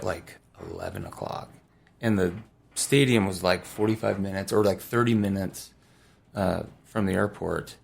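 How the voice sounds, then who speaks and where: Man, 30s, a bit low and gravelly, easygoing interview guest who rambles through anecdotes. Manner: laid-back, rambling with many fillers and restarts. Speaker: former pro baseball player, podcast guest. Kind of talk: casual storytelling interview.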